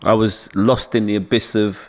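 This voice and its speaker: A middle-aged man with a London accent, a podcast guest telling animated stories and laughing as he goes. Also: fairly low pitch, moderate pace. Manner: animated, laughing, swings into voices. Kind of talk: casual storytelling chat.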